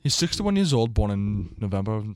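A man's voice: lowish voice, sing-song, moderate pace, a little mellow, no echo, studio quality. Boston man laughing through podcast banter. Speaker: podcast co-host. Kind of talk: casual chat.

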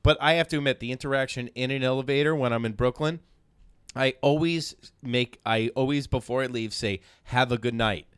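A man's voice: medium pitch, fairly quick, fairly bright tone, smooth, no room sound, clean studio sound. A man hosting a comedy podcast, talking loosely and profanely with lots of likes. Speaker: podcast host. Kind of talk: casual comedy chat.

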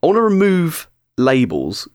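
A man's voice: fairly high pitch, huge pitch swings, darkish tone, no room sound. A young man talking as a guest on a casual gaming podcast, rambling and restarting his sentences, recorded on a close mic. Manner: rambling, halting, many restarts.

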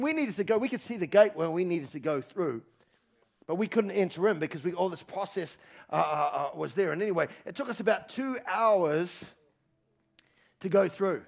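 A male pastor preaching a sermon to a congregation, repeating phrases with emphasis, swinging from loud calls to low, quiet lines. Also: creaky. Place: church hall with congregation.

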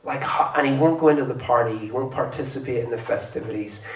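A man's voice: mid-range voice, quick pace. Man preaching in a roomy hall. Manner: conversational, animated when retelling stories. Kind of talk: sermon. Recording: roomy, distant mic with faint ambience.

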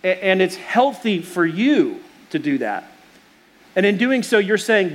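A man's voice: high-pitched, expressive, measured pace. A middle-aged man preaching a sermon, earnest and storytelling, with restarts and fillers. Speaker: pastor.

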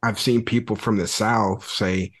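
A man hosting a podcast, laying out his theories in a thoughtful, relaxed conversational way. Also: on the low side, a little slow. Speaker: podcast host. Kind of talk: casual conversation about hip-hop.

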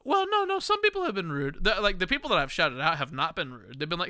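A man's voice: sits high, very animated, fast talker, pushed and bright, clean tone. A tipsy, tired man hosting a late-night podcast, rambling and emphatic, laughing and cursing. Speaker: podcast host. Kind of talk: casual drunk podcast chat.

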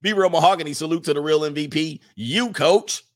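A young man hosting a casual livestream, reading viewer messages aloud and riffing on them, animated and laughing often. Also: fairly high pitch, very fast. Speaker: livestream host reading super chats.

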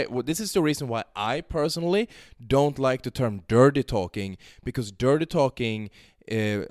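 A man's voice: mid-range voice, dry recording, clean studio sound. A man coaching on a podcast, explaining in a loose, talkative way and often checking in with "right?". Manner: explanatory, acts out dialogue examples, frequent "right?". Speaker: sex and dating coach.

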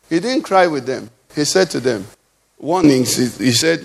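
A man preaching a sermon as pastor, swinging from loud cries to low murmurs. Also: big pitch swings, a little slow, creaky.

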